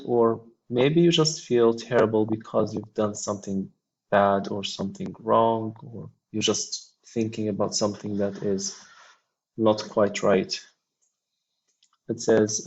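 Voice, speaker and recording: Slow gravelly man teaching a lesson. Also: lowish voice, dull audio. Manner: slow explanations with frequent ums. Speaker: English teacher. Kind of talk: textbook lesson with read-aloud dialogue.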